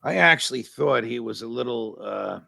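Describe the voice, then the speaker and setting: A man's voice: mid-range voice, animated, moderate pace, gravelly, sharp tone, dry recording, studio quality. A man hosting an interview show, directing the talk and laying out his questions point by point. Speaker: show host.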